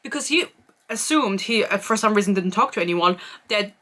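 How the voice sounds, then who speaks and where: Bright, sarcastic young woman reviewing books. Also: medium pitch, expressive, moderate pace. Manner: sarcastic, rambling, swears freely. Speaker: book reviewer. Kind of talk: casual book review vlog.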